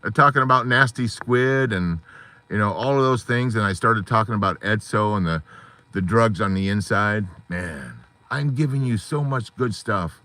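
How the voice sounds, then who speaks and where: Animated rambling man live-streaming from his car. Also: fairly low pitch, moderate pace. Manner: rambling, animated, jumps into quoted voices. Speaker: live-stream host of a divorced dads channel. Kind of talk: unscripted live-stream chat. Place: inside a parked car at night.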